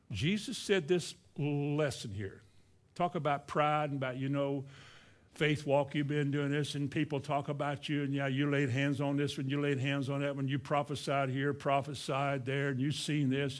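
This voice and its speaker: A man preaching a sermon in a folksy way, acting out little scenes and asking his listeners questions. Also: medium pitch. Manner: folksy, acts out boastful voices, asks the congregation questions.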